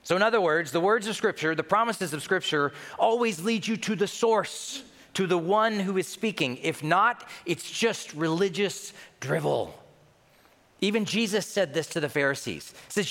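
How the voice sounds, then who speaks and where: A man's voice: high-pitched, animated, moderate pace, fairly bright tone. Emphatic preaching man, reverberant hall. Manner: emphatic, with rhetorical questions. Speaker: pastor. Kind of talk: sermon.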